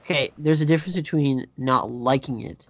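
A man's voice: medium pitch, a little fast, fairly bright tone, dull audio. Teasing, argumentative podcast man. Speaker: podcast co-host. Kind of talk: casual film review chat.

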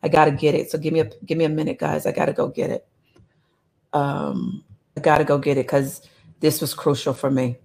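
A woman preaching a sermon, reading scripture aloud with animated, conversational asides to her listeners. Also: deep voice, brisk.

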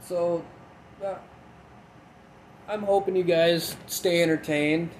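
A young man from Minnesota in the Midwest, with a Minnesotan accent, hosts a casual solo podcast as a rambling, profane monologue recorded on a phone inside a tin building. His fairly high voice holds a steady tone at a slow pace. The recording is rough, with slight background noise.

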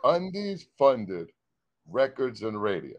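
A man's voice: medium pitch, big pitch swings, slow, no room sound, highs cut off. A man chatting as a guest in a casual interview, stumbling over words and laughing at his own slips. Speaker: guest musician.

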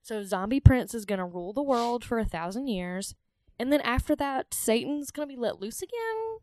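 A woman's voice: on the high side, big pitch swings, normal speed, a little mellow, no echo. A young woman with a Southern US accent co-hosting a casual, irreverent podcast chat, joking and sarcastic. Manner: joking, sarcastic, laughs often. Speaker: podcast co-host.

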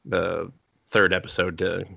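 A man with a lowish, bright voice chats casually as a podcast co-host. He rambles and swears freely, dropping quoted lines into quick put-on voices along the way. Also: level tone, vocal fry, dull audio. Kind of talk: casual chat recapping an anime episode.

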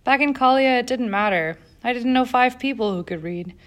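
A woman's voice: on the high side, normal speed, pitched above the performer's own voice, close to an everyday voice. A woman voicing a cheerful young immigrant factory girl who talks in a wistful, earnest way.

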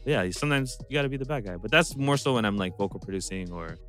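Very deep-voiced male producer, chatty. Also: animated, quick pace, fairly bright tone, faint music behind. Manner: laughs often, acts out quotes of artists. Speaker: music producer and engineer. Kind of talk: casual podcast chat.

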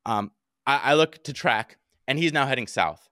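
A young man telling a story in casual podcast chat, animated and swearing a lot. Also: mid-range voice, normal speed, dry recording, clean studio sound. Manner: animated, heavy swearing, acts out his own shouts. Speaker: podcast co-host.

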